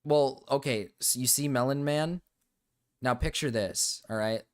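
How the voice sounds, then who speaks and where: A man streaming live, joking loudly and swearing in casual banter. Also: mid-range voice, measured pace. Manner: loud, joking, swears a lot.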